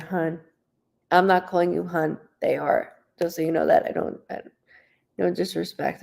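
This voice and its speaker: Woman medium rambling to her livestream chat, gravelly fry in her voice, laptop mic at home. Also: fairly low pitch, a little mellow. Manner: chatty and rambling, greets viewers by name, swears lightly. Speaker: psychic medium streamer. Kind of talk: casual livestream chat with viewers.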